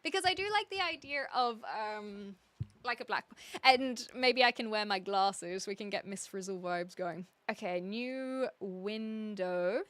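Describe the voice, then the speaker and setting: A young woman streaming live reads chat messages aloud and thinks through things in an indecisive, gabby way. She speaks unhurriedly at a medium pitch with no echo.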